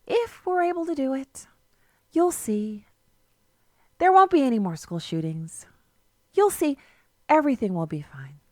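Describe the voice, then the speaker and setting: A woman's voice: sits high, big pitch swings, unhurried, long pauses, no room sound, clean studio sound, voice pushed up. A woman putting on the voice of a naive, dreamy gun-ban idealist, sing-song and exaggerated, to mock the idea.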